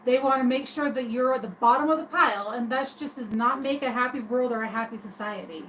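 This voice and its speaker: A woman's voice: a little high, a little fast, a bit bright, slight background noise, rough recording. A woman streaming a casual opinion rant, rambling and hesitant with many restarts. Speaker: streamer talking to viewers.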